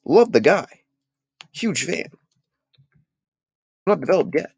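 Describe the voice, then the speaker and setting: A man hosting a casual live sports talk stream, chatting with his viewers and making animated, emphatic points. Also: on the high side, takes it slowly, gravelly, breathy edge, dry recording.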